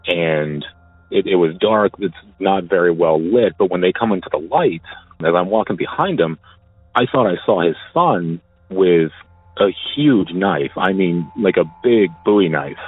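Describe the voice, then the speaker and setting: A man casually telling a personal story, halting and often repeating his words as he goes. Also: deep voice, lively intonation, husky, no room sound. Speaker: caller sharing a personal story. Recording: tinny phone line, dry.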